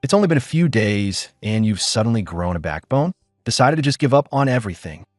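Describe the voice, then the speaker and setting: A man's voice: lowish voice, big pitch swings, a little fast, no echo, clean studio sound, soft background music. A man voicing a cold, scornful young wife who talks with sneering contempt. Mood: mocking.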